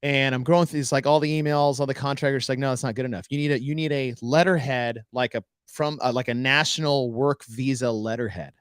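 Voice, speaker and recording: A man's voice: mid-range voice, steady tone, fairly quick, hardly any pauses, clean tone, no room sound, clean studio sound. A man co-hosting a podcast, telling a story in casual chat and acting out the dialogue. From United States. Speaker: podcast co-host.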